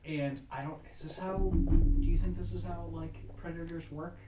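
Man, slightly raised pitch, casual movie recap, quotes characters, echoey room, far from the mic. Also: steady tone, over loud music. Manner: retells scenes with quick put-on quotes. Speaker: podcast co-host. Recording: echoey room, distant mic, faint noise.

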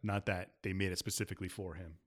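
A man's voice: low-pitched, fairly even intonation, quick pace, fairly bright tone. A man co-hosting a casual gaming podcast, stammering as he argues and laughing often. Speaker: podcast co-host.

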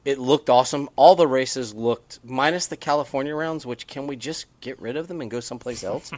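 A man's voice: mid-range voice, a little fast, a little mellow, no room sound. Man, podcast co-host, chatty and rambling, dry close sound. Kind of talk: casual podcast chat. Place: on a porch.

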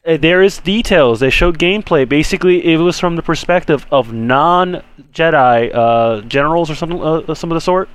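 A man co-hosting a podcast in casual chat, telling stories excitedly, with lots of fillers like "you know" and "basically.". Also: fairly high pitch, moderate pace, smooth. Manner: excitable storyteller, full of fillers and acted-out quotes. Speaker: podcast co-host.

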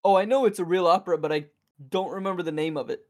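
A man's voice: high voice, fast. A man chatting casually as a podcast guest, joking and laughing easily. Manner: animated, jokey, laughs often. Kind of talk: casual chat.

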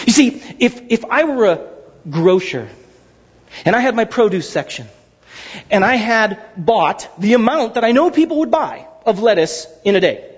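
Male pastor, high lively voice, husky, dramatic preacher, muffled recording with long hall reverb. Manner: animated, dramatic storytelling with acted-out quotes. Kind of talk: sermon. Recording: dull sound in a large reverberant hall.

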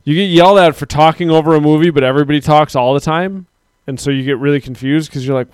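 A man's voice: a little high, quick pace, smooth, dry recording. A man hosting a live stream, chatting casually and rambling as he reads out viewers' comments. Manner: rambling, talks to chat viewers, mock-quotes people. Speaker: podcast host.

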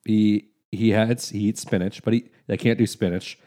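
A man's voice: lowish voice, steady tone, moderate pace, warm tone. A man co-hosting a podcast, telling stories in an easygoing, rambling way. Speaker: podcast co-host. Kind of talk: casual chat.

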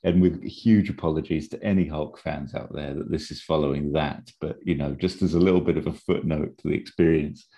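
A man's voice: rumbling low, fairly even intonation, brisk, hardly any pauses, warm tone, lo-fi sound. A man co-hosting a podcast, rambling through an episode idea with many fillers and restarts. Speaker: podcast co-host. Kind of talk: casual chat, pitching an episode idea.

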